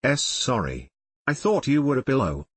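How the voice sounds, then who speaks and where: Boastful playful teenage boy, read by a man; sarcastic, lively, dry close sound. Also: medium pitch, moderate pace, breathy edge, no room sound. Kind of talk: audiobook reading of fan fiction.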